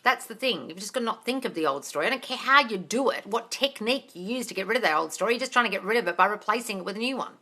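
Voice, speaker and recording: A woman hosting a live Q&A, her voice bright and forward. She reads viewers' comments aloud and answers in a blunt, no-nonsense way, swearing casually. She calls her viewers darling and guys. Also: medium pitch, expressive, racing, hardly any pauses. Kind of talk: live-stream Q&A reading out comments.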